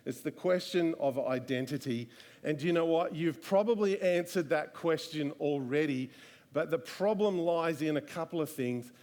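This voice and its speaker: A man's voice: mid-range voice, darkish tone. A man preaching a live church sermon, earnest and full of rhetorical questions. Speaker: pastor. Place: church service.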